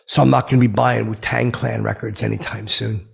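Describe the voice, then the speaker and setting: A man playing a touchy, self-important middle-aged man who rambles indignantly in a comic monologue with a gravelly, husky voice. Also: on the low side, level tone, fairly quick, heavily acted.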